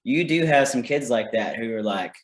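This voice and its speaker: A man of middle pitch leads a casual teaching talk for parents, tossing out "right?" to check that the room follows along. His voice carries a roomy echo from the space around him. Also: lively intonation, moderate pace. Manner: conversational, keeps checking in with "right?". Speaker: parenting workshop presenter.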